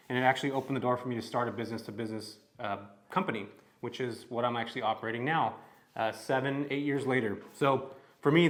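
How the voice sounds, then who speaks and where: Upbeat chatty man vlogging to camera. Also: medium pitch. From California. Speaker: real estate vlogger. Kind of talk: casual vlog to camera.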